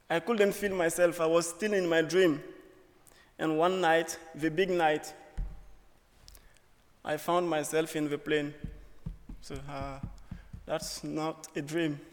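Young man telling a story in a reverberant hall. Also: a little high. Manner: earnest, humorous storytelling in short phrases. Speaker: student speaker. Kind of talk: personal story speech. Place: auditorium.

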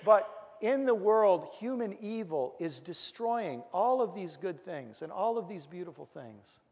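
A middle-aged man, a pastor, giving a lecture full of comic stories, animated and full of restarts. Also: high-pitched, a little slow, slightly rough. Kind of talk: humorous storytelling lecture. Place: lecture hall. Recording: reverberant hall.

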